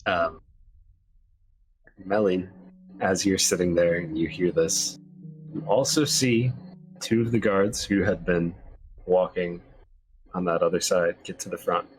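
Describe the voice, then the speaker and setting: A man running a tabletop game as game master, narrating and explaining rules in a relaxed, encouraging way. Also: low-pitched, a little slow, pauses often, breathy edge, faint music behind.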